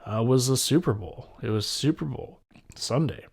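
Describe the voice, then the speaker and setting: His voice is mid-range, husky and darkish, moving at a moderate pace: a man in his twenties hosting a casual solo podcast. He rambles, speaks candidly, teases himself, and wet mouth sounds accompany his words.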